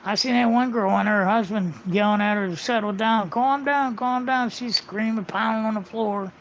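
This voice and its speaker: On a livestream, a man delivers a blunt, rambling monologue laced with swearing. His voice is high-pitched and fairly bright, with fairly even intonation at a normal speed. The muffled lo-fi audio carries a slight hiss or hum.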